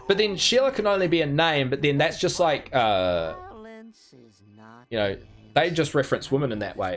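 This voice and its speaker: A man's voice: medium pitch, sing-song, moderate pace, fairly bright tone. A man streaming a video game, chatting casually with frequent ums and chuckles. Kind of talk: casual live gameplay commentary. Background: faint game music.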